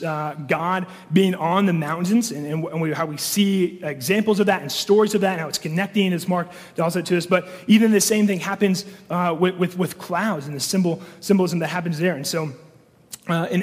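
Male pastor, higher pitch, casual sermon delivery with frequent fillers; long reverb of a church hall. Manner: conversational, many fillers and restarts.

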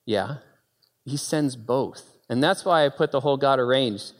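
A man preaching a sermon, moving between quiet storytelling and loud, high-pitched exclaiming. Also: unhurried, in a large hall. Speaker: pastor.

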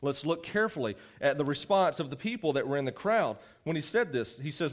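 Animated man preaching a sermon. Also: a little high, fairly quick, hardly any pauses. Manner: animated, conversational, teasing the audience. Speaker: youth preacher.

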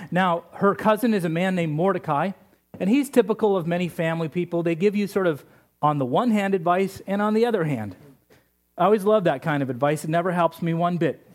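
A male pastor preaching a sermon, retelling a story with humorous asides. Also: high-pitched.

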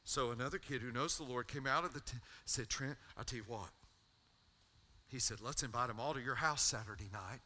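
A man's voice: medium pitch, brisk, sharp tone. A middle-aged man, a pastor telling a personal story in his sermon and building to a fervent altar call.

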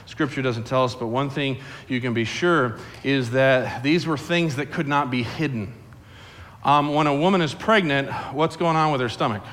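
A middle-aged man preaching a sermon in a playful, animated way, telling stories and acting out voices. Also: mid-range voice. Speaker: pastor.

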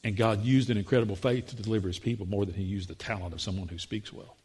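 A man preaching a sermon, acting out voices in the quotes, his pitch rising when he gets excited. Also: fast, slightly rough.

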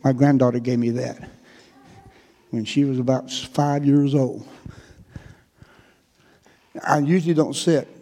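A man's voice: mid-range voice, slow pace, pauses often. A man in his sixties with a North Carolina accent, preaching a folksy, chatty sermon. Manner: relaxed, chatty, laughs often. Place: church hall. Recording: echoey church hall.

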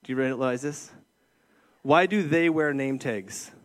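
Middle-aged male preacher, casual sermon delivery, mid-pitched voice, peppers talk with "right?". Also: a little slow. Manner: conversational, keeps checking in with "right?". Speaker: youth ministry director preaching. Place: church room with an audience.

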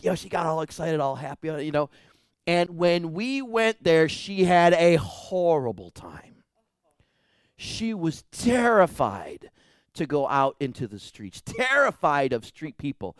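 Male pastor, fairly high voice, dry close sound; animated sermon storyteller who acts out dialogue, loud to hushed. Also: unhurried, clean tone, no room sound.

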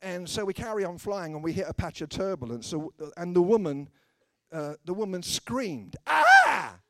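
A man's voice: sits high, normal speed, a little mellow, no echo. A British man preaching a humorous sermon, telling stories and acting out the voices of the people in them with dry, self-mocking wit. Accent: British English. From Britain. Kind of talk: humorous sermon with acted anecdotes.

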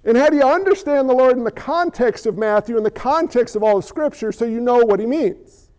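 A man's voice: very high voice, animated, brisk, darkish tone, highs cut off. A man preaching a sermon as pastor, talking conversationally and playfully while questioning his congregation.

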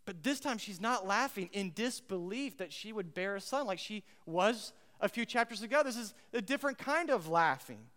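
A man preaching a sermon as pastor, emphatic and repeating his key phrases, swinging between loud and hushed, and putting questions to the congregation. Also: high-pitched, lively intonation, moderate pace, hardly any pauses, long reverb tail.

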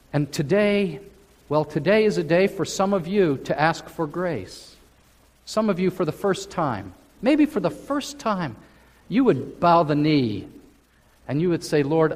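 Very animated and somewhat dark in tone, a male pastor's slightly high voice carries a slow sermon through a church sanctuary full of lingering reverb. He draws out phrases and hits key lines hard.

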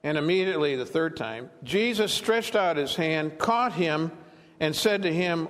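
Male pastor, slightly high voice, lively verse-by-verse sermon, long hall reverb. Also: a little slow. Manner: animated, acts out quoted lines. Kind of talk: expository sermon.

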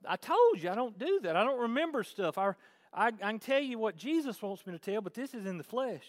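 A man's voice: sits high, big pitch swings, a little fast. A man preaching a sermon to his church, conversational one moment and emphatic the next. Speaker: pastor. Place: large church hall. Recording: long hall reverb.

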